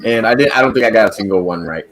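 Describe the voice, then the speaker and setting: A man's voice: lowish voice, animated, rapid-fire, fairly bright tone. A man hosting a casual livestream over a video call, joking and laughing often while he restarts his phrases. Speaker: podcast host.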